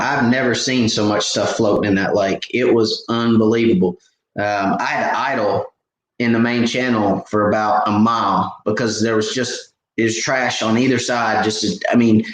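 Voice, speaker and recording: A man in his thirties chats through a live fishing Q&A in a loose, folksy ramble full of fillers and restarts. His voice rings around an echoey room, with a faint noise underneath. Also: mid-range voice. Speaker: fishing channel host. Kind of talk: casual live stream chat.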